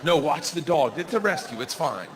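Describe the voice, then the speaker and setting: A fairly high-voiced man in his thirties tells a crude, animated story on a comedy club stage, breaking into shouted bursts. A crowd laughs loudly around him, and the live room noise is clear. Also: normal speed. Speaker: stand-up comedian. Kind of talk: stand-up comedy set.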